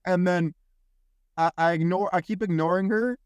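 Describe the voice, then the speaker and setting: Young man, podcast host, casual story, slightly high voice, dry close sound. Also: moderate pace, clear, resonant tone, no room sound. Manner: animated, swears freely, mimics others in quotes.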